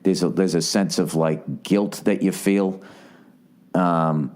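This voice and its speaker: A Boston-accented comedian and podcast host in his forties spins a long, rambling, profane story on his show, acting out the quotes. His voice is low and darkish, and he speaks slowly with a steady tone.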